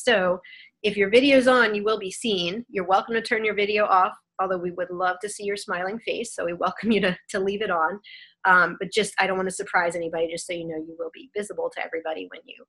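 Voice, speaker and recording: A woman hosting a live online question session over a video call, speaking in a gentle, soothing, reassuring way. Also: mid-range voice. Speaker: host.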